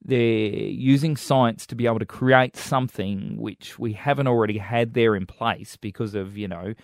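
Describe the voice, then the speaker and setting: A man's voice: lowish voice, fairly even intonation, moderate pace, vocal fry, no room sound, clean studio sound. A man with a New Zealand accent, co-hosting a casual tech news chat, hesitant with many ums and restarts. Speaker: co-host.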